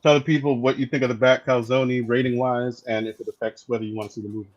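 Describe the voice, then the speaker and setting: A man's voice: medium pitch, level tone, quick pace, lo-fi sound. A man hosting a casual podcast chat with loose, laughing banter. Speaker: podcast host.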